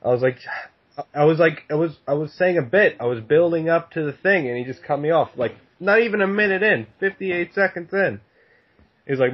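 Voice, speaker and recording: Dude rambling about a bad comedy gig, cusses a lot, laughs, kinda muffled audio. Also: male voice, fairly high pitch, animated, fairly quick. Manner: profane, laughing storyteller. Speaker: podcast guest. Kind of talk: casual chat. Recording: dull lo-fi sound.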